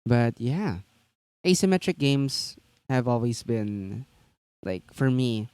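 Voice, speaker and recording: A man's voice: medium pitch, lively intonation, slow pace, a little mellow, smooth, no echo. A man co-hosting a tabletop gaming news stream, chatting casually and rambling with lots of fillers and restarts.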